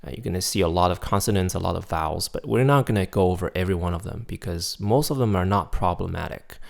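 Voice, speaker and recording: A man teaching a recorded pronunciation lesson, drilling syllables clearly and patiently checking in with his students. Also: low voice, fast talker, a little mellow. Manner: patient, checks in often with "right?" and "okay?". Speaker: language teacher.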